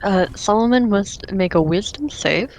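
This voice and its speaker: Matter-of-fact woman player, mid-pitched voice. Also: lively intonation, measured pace, darkish tone, slight background noise. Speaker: tabletop game player. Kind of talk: casual tabletop play.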